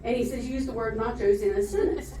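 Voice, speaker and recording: A woman's voice: a little high, steady tone, brisk, dark tone, far from the mic, slight background noise. A woman telling jokes at an open mic comedy night, rambling and laughing at her own punchlines. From Florida, USA. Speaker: stand-up comedian. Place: comedy club stage. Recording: echoey room recorded from afar.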